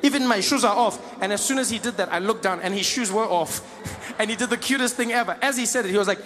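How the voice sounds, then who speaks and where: A man with a South African accent performing stand-up comedy, telling a story in an animated way and slipping into other people's voices. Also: high-pitched, quick pace, faint music behind.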